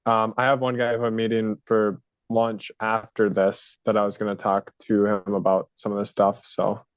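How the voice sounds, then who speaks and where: A man taking part in a workshop, giving hesitant, halting replies in casual conversation. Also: lowish voice, flat delivery, no room sound. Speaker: workshop participant. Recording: dull, dry lo-fi sound.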